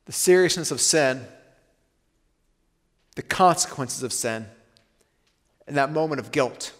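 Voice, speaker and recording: A man preaching a sermon as pastor, earnest, slowing and softening on weighty lines. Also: medium pitch, animated, long reverb tail.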